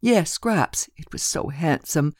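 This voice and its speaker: A woman's voice: sits low, lively intonation, slow, a little mellow, husky, no room sound, studio quality, pitched above the performer's own voice, full character voice. A woman narrator voicing a chatty, gossipy middle-aged landlady in an audiobook, rambling and talkative.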